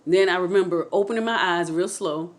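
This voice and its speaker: A woman telling her own near-death story to her viewers in an animated, excitable way, speaking straight to them with faith and feeling. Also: on the low side, fairly quick. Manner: testimonial, faith-filled. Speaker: channel host telling a personal story. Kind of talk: emotional personal storytelling.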